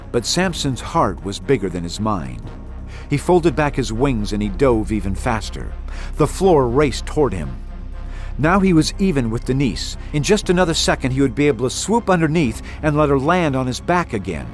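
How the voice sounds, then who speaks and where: A man narrating a children's audiobook in an expressive, dramatic manner. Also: medium pitch. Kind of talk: scripted storybook narration.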